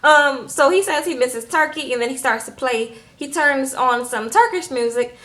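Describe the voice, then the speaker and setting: Young female vlogger, fairly high voice; sassy, animated recap delivery. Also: moderate pace. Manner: animated, sassy, acts out quotes in voices, says "okay?" a lot. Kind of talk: casual chatty recap.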